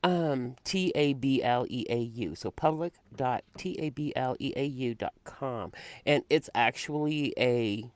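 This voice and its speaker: A woman co-hosting a casual political chat podcast, talking in a rambling, halting way with frequent restarts. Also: extremely low pitch, a little mellow, no room sound. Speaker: podcast co-host.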